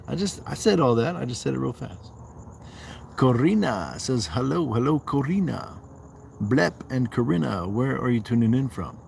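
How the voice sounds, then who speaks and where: Medium-pitched, sing-song, creaky and a little mellow, the voice runs at normal speed with slight background noise behind it. A Southwest US man hosts a casual livestream on an outdoor walk, reading viewer comments and answering with playful banter.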